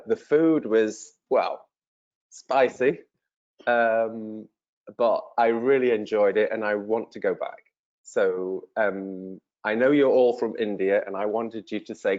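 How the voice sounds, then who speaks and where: A man in his fifties from England, an English teacher speaking slowly and simply to learners, friendly and encouraging, with many pauses. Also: fairly low pitch, darkish tone, lo-fi sound. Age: 50s. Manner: slow and clear, with many pauses and fillers. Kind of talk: slow, simple self-introduction to language learners.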